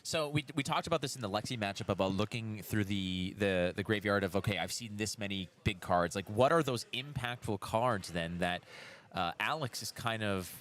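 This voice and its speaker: A Canadian-accented man with a low-pitched voice co-commentates a live card game match. He talks through the plays analytically, drifts into quick anecdotes, and often restarts his sentences. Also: a bit bright.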